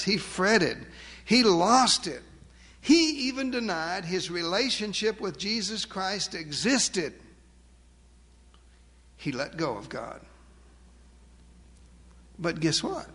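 A man preaching a sermon, emphatic, asking rhetorical questions and slowing down to stress key words. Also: high-pitched, animated, a bit bright, long reverb tail. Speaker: pastor.

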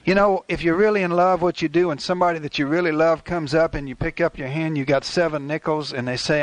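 A man's voice: on the high side, fairly even intonation, fast talker, hardly any pauses, no room sound. An older man preaching a sermon in a folksy, conversational way, acting out little asides. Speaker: pastor.

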